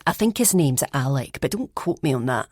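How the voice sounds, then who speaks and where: A woman's voice: a bass voice, sing-song, fairly quick, no room sound, clean studio sound, heavily acted. A woman voicing a confiding young woman student. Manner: confiding, hushed at times. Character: gossipy young woman student sharing news.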